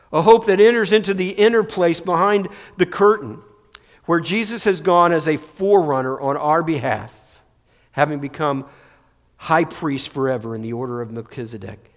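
A male pastor preaching a sermon, moving between loud emphatic peaks and hushed, near-whispered passages. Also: fairly high pitch. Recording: long hall reverb.

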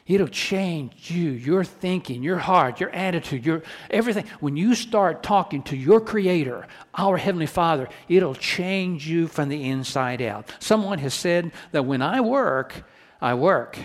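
A man's voice: a little high, long reverb tail. A pastor preaching a sermon in earnest, asking the congregation rhetorical questions and often restarting his sentences.

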